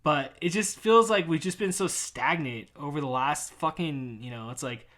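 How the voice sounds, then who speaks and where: A man in his thirties hosts a podcast and rambles through a frustrated, casual rant packed with swearing and fillers, swinging between loud outbursts and mumbling. His voice is a little high, at normal speed with few pauses.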